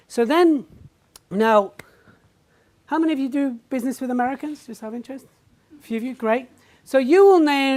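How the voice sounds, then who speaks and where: Woman doing a lively stage talk, slightly high voice, throws questions at the crowd. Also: brisk. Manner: animated storytelling, acting out reactions; engages the audience with questions. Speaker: public speaker. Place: event stage before a live audience.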